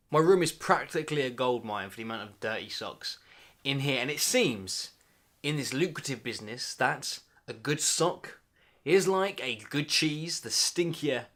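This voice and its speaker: Joking young man talking to camera. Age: 20s. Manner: playful, mock-dramatic, jumps between loud bursts and low asides. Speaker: vlogger. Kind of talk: comedic monologue to camera.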